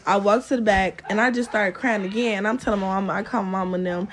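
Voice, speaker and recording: Speaking fast at a medium pitch with fairly even intonation, a young storytime vlogger chats casually with her viewers. She's exasperated and talkative, keeps calling them "y'all," and fills gaps with "or whatever."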